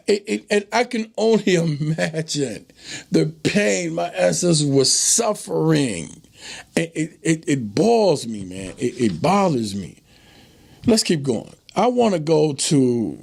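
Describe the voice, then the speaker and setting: A middle-aged man hosting an informal history lesson, preachy and animated, often repeating himself for emphasis. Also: fairly high pitch, creaky. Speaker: host.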